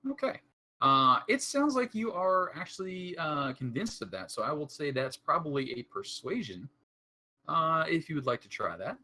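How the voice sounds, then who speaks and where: A man narrating a tabletop horror campaign as game master, describing scenes with frequent pauses and fillers. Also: fairly high pitch, sing-song, bright, forceful tone.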